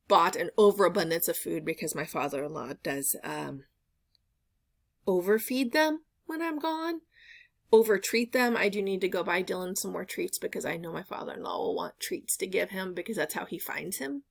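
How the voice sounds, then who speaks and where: A woman's voice: lowish voice, moderate pace, vocal fry. A woman vlogger at home, telling a rambling story in casual chat, full of "like" and "um" fillers. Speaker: reseller vlogger.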